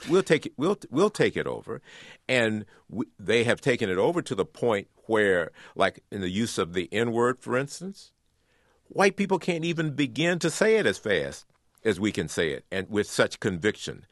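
A man with a fairly low voice speaks in an earnest radio interview, circling back and repeating words as he builds his argument. The sound is close and dry, with no room around it. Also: sing-song, moderate pace, dry recording. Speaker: author and guest.

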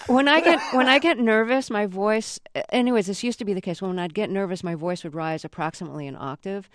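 A woman hosting a radio interview, asking questions in a measured, gentle way. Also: medium pitch, no room sound, clean studio sound.

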